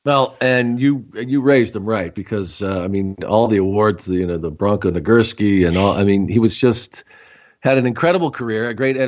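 A man's voice: lowish voice, lo-fi sound. A man hosting an interview, chatting casually and answering the guest with short agreements. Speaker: podcast host.

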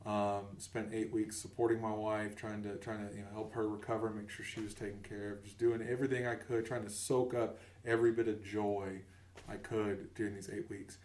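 A man's voice: on the low side, fairly quick, echoey room, recorded from a distance. A man in his thirties telling a funny story on a podcast, acting out the voices of the people in it. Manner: animated, acts out voices in his stories. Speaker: podcast co-host. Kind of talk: casual comedic storytelling.

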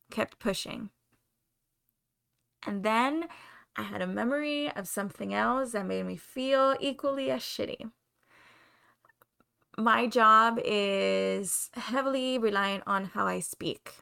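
A young woman with a Spanish accent, talking openly and confessionally as a podcast host, sometimes pausing to find her words. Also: on the high side, gravelly, sharp tone. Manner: open, confessional, searching for words. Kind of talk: candid solo podcast monologue.

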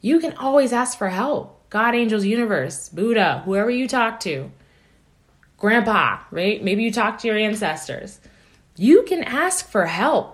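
A woman life coach giving an earnest, encouraging motivational talk, often checking in with "right?". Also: mid-range voice.

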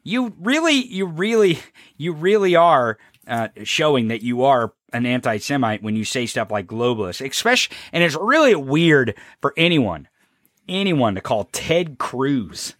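A man co-hosting a podcast, talking politics in a casual, profane and animated way with frequent restarts. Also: mid-range voice, a little slow, no echo, studio quality. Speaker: podcast co-host.

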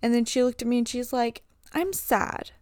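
A woman's voice: fairly high pitch, completely flat delivery, fast talker, warm tone, clear, resonant tone, dry recording, clean studio sound. A young woman hosting a casual podcast monologue as a swim coach, chatty and full of "like" fillers.

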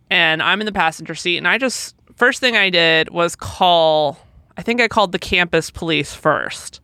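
Woman, bright voice, dry close sound, emotional storytelling, vivid quoted dialogue. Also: on the low side, no room sound. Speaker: podcast co-host. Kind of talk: personal storytelling.

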